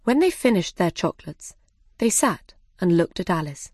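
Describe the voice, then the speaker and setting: A woman narrating a children's storybook with a slow, simple, careful reading. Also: on the low side, expressive, a little mellow, dry recording, studio quality.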